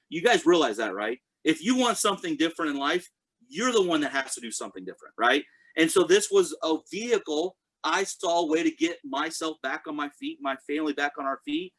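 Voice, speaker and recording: An earnest man in his thirties gives a motivational talk. His voice sits slightly high for a man, and he speaks in a direct, personal way, often turning to his listeners to check they are with him. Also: animated, brisk, fairly bright tone. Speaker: network marketing speaker introducing a guest.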